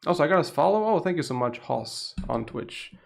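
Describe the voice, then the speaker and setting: A young man from Portugal with a Portuguese accent, keeping his voice low at night while chatting on a live stream, laughing often and swearing casually. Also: very animated, fairly quick, vocal fry. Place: home room at night.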